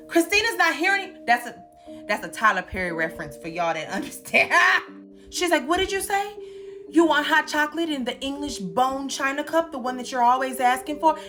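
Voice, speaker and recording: A young woman giving a sassy, comedic recap commentary, acting out the characters' lines in different voices. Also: medium pitch. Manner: sassy, animated, acts out quotes in voices. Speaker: commentary host. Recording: music playing underneath.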